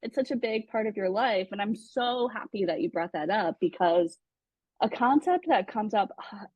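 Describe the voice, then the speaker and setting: A woman's voice: medium pitch, moderate pace, dry recording. A woman host and coach in a casual interview, asking reflective, supportive questions. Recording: dull lo-fi dry sound.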